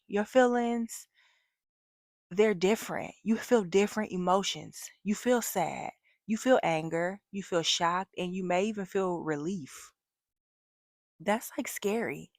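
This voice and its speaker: A woman's voice: on the low side, dry recording, clean studio sound. A young woman speaking candidly in a personal vlog, reflective, with fillers and restarts. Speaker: vlogger.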